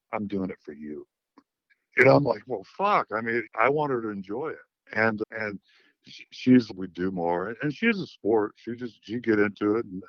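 A middle-aged man with a lowish voice talks frankly and profanely, often restarting his sentences. The sound is dry and a little lo-fi, like a caller's line. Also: no room sound. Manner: blunt, profane, with many restarts. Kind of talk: frank storytelling interview.

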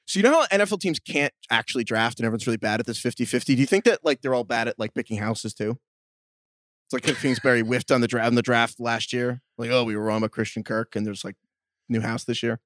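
A man co-hosts a podcast in loose, casual chat. He talks fast and keeps spinning off into quick, jokey tangents, with a mid-pitched voice. The sound is dry and close, with no room around it. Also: a bit bright, no echo. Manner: rapid, riffing, jokey tangents. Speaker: podcast co-host.

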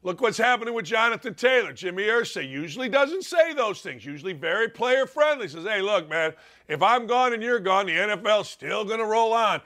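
Sports host man, ranting, high pitched, bright edgy tone, combative. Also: animated. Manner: emphatic, combative, quick asides. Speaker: sports talk show host. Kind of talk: opinionated sports radio rant.

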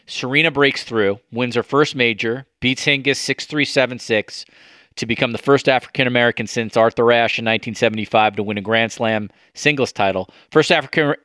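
A man's voice: mid-range voice, fairly quick, bright, forceful tone, dry recording, clean studio sound. A man hosting a podcast, chatting casually and enthusiastically and reading quotes aloud. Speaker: podcast host.

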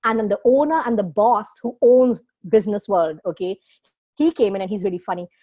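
A woman's voice: medium pitch, a little fast, muffled recording. A woman guest in a casual interview, talking expressively with frequent fillers and laughs. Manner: expressive, emotional, laughs often, many fillers.

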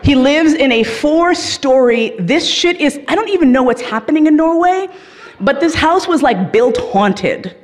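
A woman telling a comic story, swearing freely and laughing as she goes, with lively swings in her voice. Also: high-pitched, unhurried, some chatter behind. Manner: profane, laughing through the telling.

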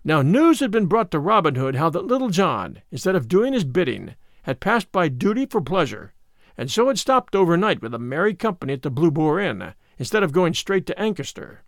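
A man reading an old-fashioned tale aloud with an expressive delivery. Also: fairly high pitch, fairly quick, no echo, studio quality. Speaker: narrator. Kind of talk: storybook read-aloud.

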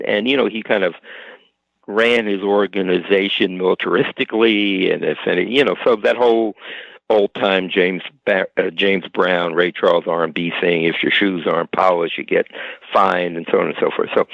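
Gravelly deep-voiced man, halting. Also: a bit bright, dry recording, dull audio. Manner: halting, full of restarts and repeated words. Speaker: author being interviewed. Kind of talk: reflective interview conversation.

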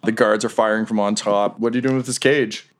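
A man narrating a tabletop game as game master, telling the scene in a loose, relaxed way with fillers. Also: on the low side, fairly quick.

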